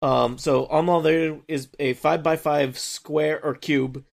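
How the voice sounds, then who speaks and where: Gravelly, hesitant man at the game table. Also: fairly high pitch, steady tone, measured pace. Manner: hesitant, thinking aloud with many ums. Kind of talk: casual tabletop game talk.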